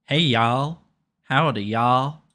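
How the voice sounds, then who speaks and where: Man putting on a slow drawling Southern American guy, loud, hammy, higher and bright. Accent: put-on American Southern. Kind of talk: live game stream.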